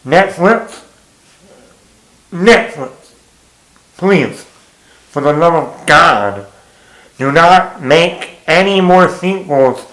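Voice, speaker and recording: Exasperated swearing male movie reviewer. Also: sharp tone. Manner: blunt, exasperated, swears freely, quotes lines in a higher voice. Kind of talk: casual spoken film review. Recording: echoey room.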